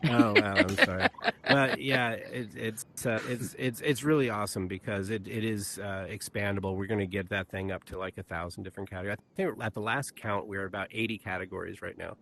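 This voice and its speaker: A man's voice: lowish voice, steady tone, brisk, a bit bright. A man guest in a casual talk show, rambling through explanations with many fillers. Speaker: guest, world builder. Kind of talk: casual chat.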